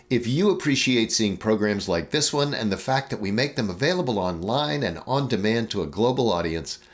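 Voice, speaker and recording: A man presenting a calm, measured scripted on-air appeal for a public broadcaster before a show. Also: fairly low pitch. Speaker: station presenter.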